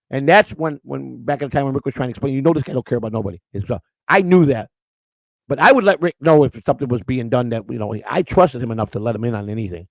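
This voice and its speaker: Livestream host, middle-aged man, gravelly and quick, crude storyteller. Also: mid-range voice, dry recording. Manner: rambling, storytelling, crude and emotional. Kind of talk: casual chat with the live chat.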